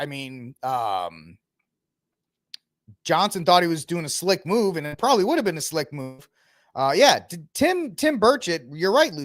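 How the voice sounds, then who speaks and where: A man's voice: high-pitched, no echo, studio quality. A man hosting a podcast, ranting with sarcasm and mocking impressions in a heated political commentary. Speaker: podcast host.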